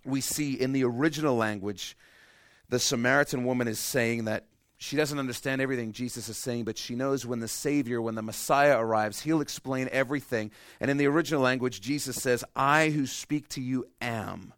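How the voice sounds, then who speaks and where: A middle-aged male pastor with a medium-pitched voice preaches a sermon in a clean, echo-free studio recording. He tells stories with self-deprecating humor, swinging from loud emphasis to hushed, quiet passages.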